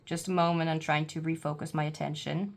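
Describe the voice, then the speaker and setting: A woman giving a casual pick-a-card tarot reading at home, halting and full of fillers, with blunt irritated outbursts. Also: low-pitched, flat delivery, gravelly. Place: home, seated.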